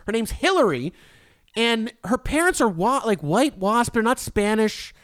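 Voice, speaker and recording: A man co-hosting a podcast, telling a story in animated casual banter and swearing freely. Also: sits high, measured pace, clear, resonant tone, no echo, clean studio sound. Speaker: podcast co-host.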